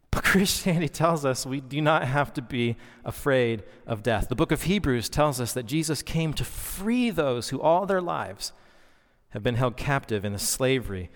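Earnest pastor preaching in a hall. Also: male voice, medium pitch. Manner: earnest, conversational preaching with fillers. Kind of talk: sermon. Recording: long reverb, hall-like.

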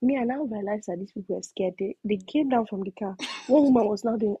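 A young Nigerian woman telling a story in casual chat, acting out her own shouting and slipping into pidgin. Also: mid-range voice, quick pace, few pauses, husky, no room sound, phone-quality sound. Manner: animated, switches into pidgin, acts out shouting.

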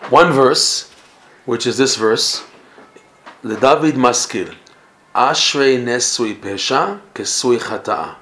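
A man tells a Torah story to a class, his delivery animated and full of Hebrew and Yiddish words. His voice sits in a middling range. The room around him rings with echo. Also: mid-range voice, takes it slowly, a little hiss or hum. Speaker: Torah teacher. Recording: echoey room.

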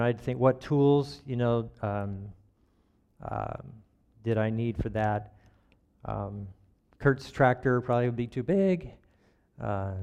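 A man's voice: mid-range voice, clean tone, dull audio. Folksy man telling a sermon story. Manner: folksy, relaxed, chuckles at himself.

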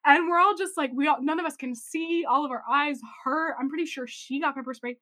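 A young woman co-hosting a podcast, telling a story in a casual, animated way with lots of "like" and laughter. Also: sits high, a little fast. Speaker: podcast co-host.

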